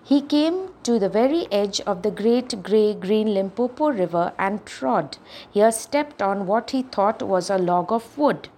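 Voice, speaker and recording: A woman reading a story aloud to children, addressing them directly with expressive storytelling. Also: medium pitch, a little slow.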